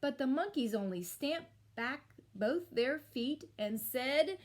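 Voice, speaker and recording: A woman teacher reading a picture book aloud to children, with expressive storytelling and little asides. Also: sits high, slow. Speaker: elementary school teacher.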